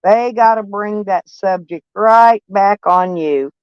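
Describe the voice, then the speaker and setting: Woman vlogger, blunt drawl, smooth voice, close dry lo-fi recording. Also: mid-range voice, slow, dry recording. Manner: blunt, drawling, repeats herself. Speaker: van life vlogger. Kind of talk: casual live-stream chat. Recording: dull lo-fi sound.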